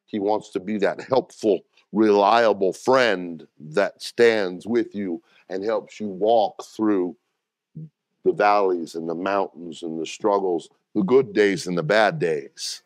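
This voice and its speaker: Male pastor, middle-aged, low voice, preaching to a congregation, direct call-and-response, dry close mic. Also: slow pace, no room sound. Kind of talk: sermon.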